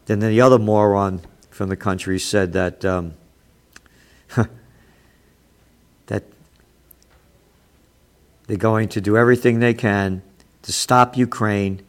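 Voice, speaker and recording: A man's voice: lowish voice, steady tone, slow, pauses often, smooth. A man hosting a show, reading news headlines aloud and commenting with sarcastic, profane asides that turn heated. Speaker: host.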